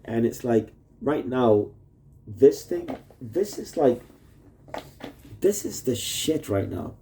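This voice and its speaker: A man speaks into a phone set up in his cluttered room, talking to his wife in a long, wandering monologue. His voice is warm and dark, heavy with profanity, and he switches subjects constantly. His pitch sits at an ordinary middle level for a man. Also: a little hiss or hum. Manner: heavy swearing, jumps between topics. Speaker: husband recording a video message to his wife. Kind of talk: rambling casual monologue. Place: at home in a messy rented room. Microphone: phone plugged in nearby.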